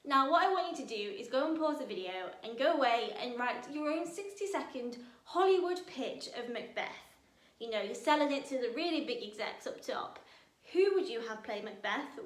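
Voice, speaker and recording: A young British woman leading a drama workshop, talking energetically and playfully to her young audience. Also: high voice. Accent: British English. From Britain. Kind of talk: lively teaching to camera. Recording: echoey room.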